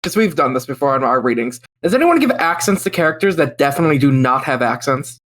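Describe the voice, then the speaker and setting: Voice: mid-range voice, sing-song, fast talker, fairly bright tone. A podcast guest narrator telling a story in casual chat, laughing and swearing freely.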